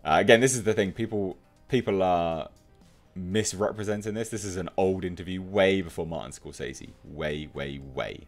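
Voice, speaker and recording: Guy with a lowish voice ranting about comments, scoffing and emphatic, some faint music under it. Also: moderate pace. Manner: mocking, emphatic, laughs at commenters. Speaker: commentary youtuber. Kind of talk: opinionated commentary reading comments.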